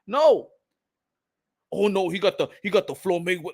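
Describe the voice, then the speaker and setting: A young American man ranting in loud, slangy boxing commentary, mocking and repeating himself. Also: high voice, animated, normal speed, breathy edge. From United States.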